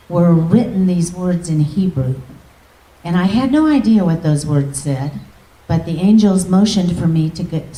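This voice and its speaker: A woman minister telling an emotional testimony in a storytelling manner, often dropping to a soft, near-whispered voice. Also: on the low side. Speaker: guest minister. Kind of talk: testimony preaching. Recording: echoey hall, distant mic.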